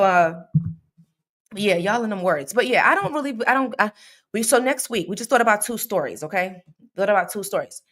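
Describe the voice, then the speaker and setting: Woman with a lowish voice, true crime host chatting live with viewers, laughs easily and keeps calling them y'all. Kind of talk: casual live chat with viewers.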